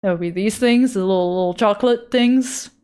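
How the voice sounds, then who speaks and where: A woman's voice: medium pitch, brisk, warm tone, clear, resonant tone. A woman art streamer chatting casually with her chat, loose and profane as she answers messages.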